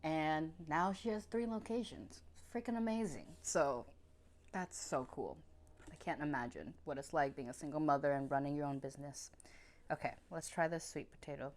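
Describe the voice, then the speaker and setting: A young woman with a fairly low voice reviews food on camera in an easy, chatty way. She gushes over each bite and laughs as she goes, like a friendly food vlogger. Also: expressive, normal speed, a little mellow. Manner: chatty and effusive, laughing between bites. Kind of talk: casual mukbang food review.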